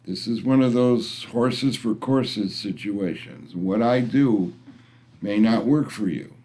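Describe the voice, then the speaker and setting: Slow, grumpy, blunt middle-aged man. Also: on the low side, dark tone. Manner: grumpy, blunt, rambling with restarts. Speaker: vlogger. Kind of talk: casual rant to camera.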